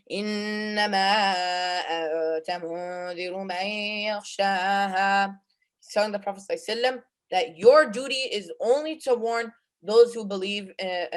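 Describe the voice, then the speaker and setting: A male presenter who recites Arabic Quran verses, then explains them in English, with frequent fillers and restarts. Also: high-pitched. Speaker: student presenter of Quran commentary.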